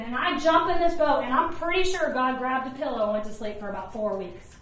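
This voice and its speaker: A high-voiced woman delivers a sermon in a casual, animated way, slipping into playful voices for the quotes she tells. She is heard from some distance in a very echoey space, with a faint hum of noise behind her. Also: fairly quick. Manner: animated, conversational, acts out quotes. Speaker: ministry leader preaching.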